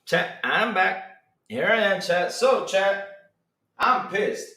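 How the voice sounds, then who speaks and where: A man streaming a casual reaction to his chat, excitable and full of mock outrage. His high voice swings up and down a lot, and it rings in an echoey room. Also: slow pace, a little hiss or hum. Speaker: streamer host.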